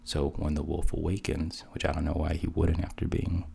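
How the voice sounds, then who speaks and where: A man casually retelling a fairy tale in a relaxed, conversational way, with asides. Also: rumbling low, normal speed, gravelly, a little hiss or hum. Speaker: storyteller.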